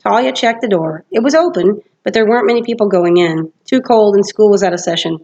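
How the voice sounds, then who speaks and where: A woman teacher reads a novel aloud to her class, steadily and with occasional self-corrections. Her voice sits at an ordinary middle pitch. The lo-fi recording sounds slightly muffled. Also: animated, brisk, a little mellow. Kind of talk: storybook read-aloud narration.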